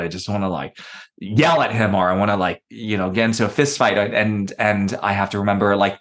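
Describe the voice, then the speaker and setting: In a lowish, somewhat bright voice, a man recounts personal stories as a guest on a podcast. The tone is reflective and conversational, and he acts out whoever he quotes.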